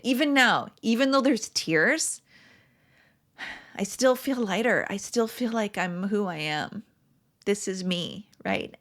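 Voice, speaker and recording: A middle-aged woman coach in a reflective monologue, tearful and crying, emotional and halting, with sighs and soft breathy asides. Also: medium pitch. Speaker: podcast host and coach.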